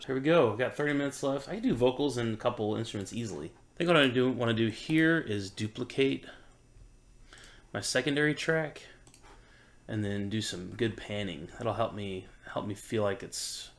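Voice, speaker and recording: A man musician thinking aloud in an easygoing, self-doubting way while he records in his home studio. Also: fairly low pitch. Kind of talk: casual talk while recording.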